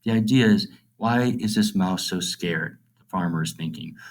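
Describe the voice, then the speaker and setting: In a recorded literature lesson, a low-pitched, middle-aged man reads verse at a slow pace. He then breaks it down casually and plainly, frequently asking "okay?".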